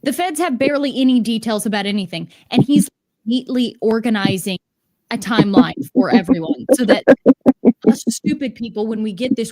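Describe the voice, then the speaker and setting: A woman's voice: fairly high pitch, lively intonation, moderate pace, a little mellow, no room sound, studio quality. A woman streamer giving sarcastic, incredulous reaction commentary, swearing casually as she picks apart what she reads.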